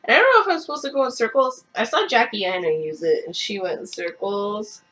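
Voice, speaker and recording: A woman's voice: medium pitch, lively intonation, brisk, bright, forceful tone. A young woman vlogging a makeup review, talking casually and bluntly, swearing and ranting. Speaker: beauty vlogger.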